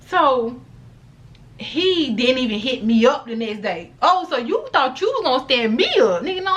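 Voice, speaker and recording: A woman in her late twenties telling a story straight to her viewers, animated and blunt, swearing freely and repeating lines for emphasis. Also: a little high. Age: late 20s. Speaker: vlogger. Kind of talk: casual story time monologue.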